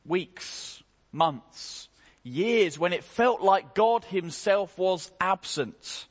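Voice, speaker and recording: A man preaching a morning sermon, slow and emphatic, with dramatic rises and quiet drops. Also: sits high, lively intonation. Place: church hall. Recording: long hall reverb.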